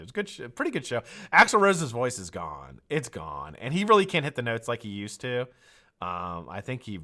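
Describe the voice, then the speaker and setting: A man from the United States hosting a live stream, greeting viewers by name in a loose, chatty way and drifting into tangents. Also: mid-range voice. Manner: lively, chatty, jumps between shout-outs and tangents. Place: home studio.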